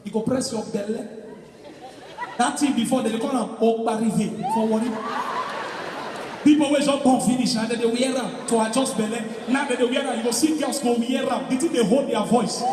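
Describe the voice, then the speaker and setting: A Nigerian-accented woman delivers stand-up comedy, animated and loud, often laughing into her lines. She sounds distant from the mic in a very echoey hall with long reverb. A crowd murmurs and reacts behind her. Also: a little high, moderate pace. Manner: animated, shouting punchlines between bursts of laughter. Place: large live venue. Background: audience noise.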